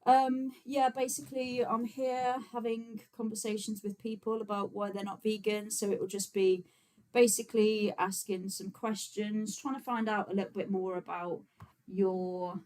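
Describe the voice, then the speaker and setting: A young Birmingham woman speaks at a medium pitch and moderate pace, with a darkish tone and little pitch movement. The vegan activist hosts a casual livestream, chatting informally to viewers during setup and using plenty of filler words.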